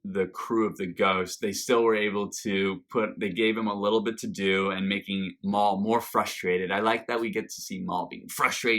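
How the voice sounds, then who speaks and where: A man's voice: on the low side, fairly even intonation, normal speed, few pauses, a bit bright. A man hosting a reaction video, talking through an episode review in a casual, enthusiastic and rambling way. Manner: enthusiastic, rambling with fillers and restarts.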